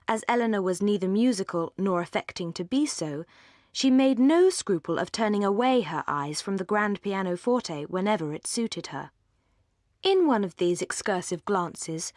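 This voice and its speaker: Measured woman narrating a classic novel. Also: mid-range voice, expressive, darkish tone, dry recording, studio quality. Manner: measured, articulate reading. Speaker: audiobook narrator. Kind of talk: scripted narration.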